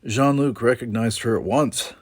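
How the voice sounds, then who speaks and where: A male audiobook reader narrates a novel in a steady, measured way, using a mid-range voice.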